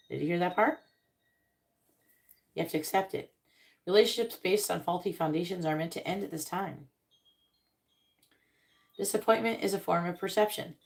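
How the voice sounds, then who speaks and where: Woman doing tarot on a livestream, kinda low gravelly voice, blunt, swears a lot. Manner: blunt and swearing, acts out quick comic voices. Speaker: tarot reader on a live stream. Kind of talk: casual tarot reading, reading card meanings aloud.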